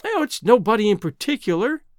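A man reading a novel aloud, voicing a proud, cool-headed young woman who gently turns down a suitor. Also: high-pitched, sing-song, a little fast, dry recording, clean studio sound, voice pushed up. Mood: teasing. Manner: gently reproving, composed.

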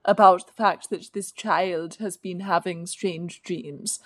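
A woman's voice: fairly low pitch, steady tone, takes it slowly, a bit bright. A woman co-hosting a casual film review chat, giving fluent, sardonic critique in long sentences. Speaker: podcast co-host.

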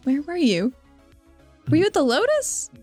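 A woman playing an evasive, teasing agent who fires off questions to throw off her boss. Her voice sits a little high and sounds dry and close, with faint music in the background. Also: wildly swooping pitch, darkish tone, dry recording. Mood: defensive. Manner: evasive, rapid-fire, teasing. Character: sly female agent dodging blame.

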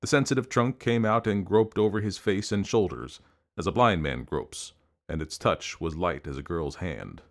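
A man narrating an audiobook in a measured, expressive storytelling manner. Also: low-pitched.

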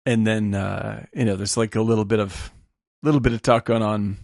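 A man's voice: fairly low pitch, fairly even intonation, normal speed, vocal fry, darkish tone, no echo, clean studio sound. A man co-hosting a casual film podcast, retelling scenes with feeling and swearing freely. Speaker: podcast co-host.

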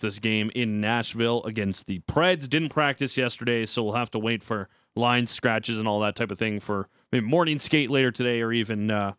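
A man hosts a sports radio program, moving briskly through upcoming segments and chatting with guests. His voice sits in the middle range. The studio sound is dry and close, with no room echo. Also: medium pitch, fairly bright tone, smooth. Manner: brisk, upbeat segment links. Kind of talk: radio show hosting and interviewing. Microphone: studio microphone.

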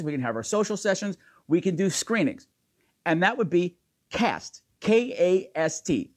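Campy guy chatting on a live stream, high voice that bounces all over. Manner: campy, teasing, playful. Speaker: host. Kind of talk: casual live-stream chat.

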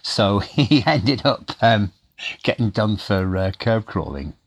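A man, an actor being interviewed, reminiscing casually with a halting, hesitant manner. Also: fairly low pitch, very animated. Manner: halting, many fillers and restarts.

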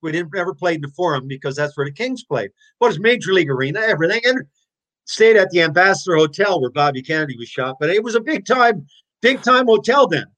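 Animated man in his sixties. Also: sits high, fast. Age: 60s. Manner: animated, blunt and profane. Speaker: interview guest, former hockey player. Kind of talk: casual storytelling.

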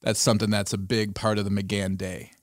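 A man's voice: fairly low pitch, level tone, brisk, no room sound. Guy cohost, teasing dry banter, lots of laughing, close dry mic. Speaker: podcast co-host. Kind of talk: casual chat.

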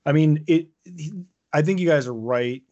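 A man's voice: fairly high pitch, moderate pace, darkish tone, dull audio. A man co-hosting a fan podcast, chatting casually and circling back over his thoughts with playful asides. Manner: rambling, restarts thoughts, playful quips. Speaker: podcast co-host.

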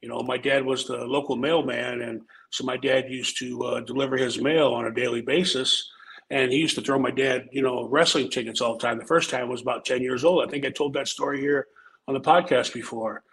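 Middle-aged podcast storyteller, gravelly voice, loose rambling delivery. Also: male voice, mid-range voice, fairly even intonation, brisk, a bit bright, slight background noise, low-quality recording. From Omaha, Nebraska. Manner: laid-back, rambling, swears, says "man" often. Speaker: podcast guest telling his life story. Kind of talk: casual storytelling.

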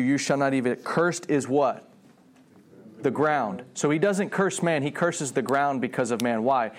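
A man preaching a sermon, animated, often restarting his phrases and acting out voices in the story. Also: slight background noise. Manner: animated, acts out God's voice with rising pitch; frequent restarts and repeated words.

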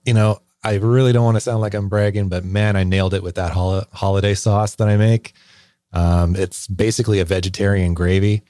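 Low-voiced guy rambling thru a funny story, lots of ums, dry close mic. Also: little pitch movement, fairly quick, dark tone, dry recording. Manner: rambling, laughing anecdote full of fillers. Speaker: podcast co-host. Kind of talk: casual storytelling chat.

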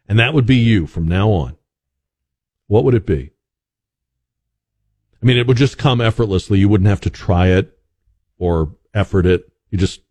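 A man's voice: lowish voice, a little mellow, dry recording. A man hosting a call-in radio talk show, musing conversationally with frequent restarts and fillers.

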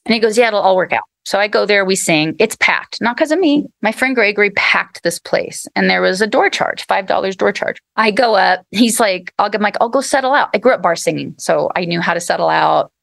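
Lively woman telling a story. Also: medium pitch, fairly quick, creaky, few pauses, no room sound. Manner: lively, animated, acts out quotes. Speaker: guest. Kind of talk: casual storytelling.

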